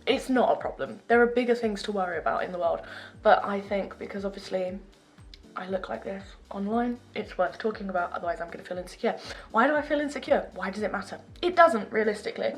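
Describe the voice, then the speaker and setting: A young woman talks in a chatty, rambling, self-deprecating way. Her pitch sits in an ordinary middle range for a woman. Faint music plays quietly behind her. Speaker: beauty vlogger. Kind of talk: casual chat.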